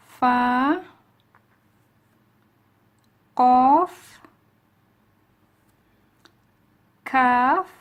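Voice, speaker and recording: A woman teaching a lesson with patient explanations and careful pronunciation. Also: mid-range voice. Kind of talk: slow, patient alphabet lesson.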